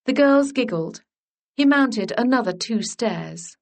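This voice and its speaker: Slow, measured woman narrator. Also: a little high, expressive, creaky. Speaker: audiobook narrator. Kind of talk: scripted romance narration.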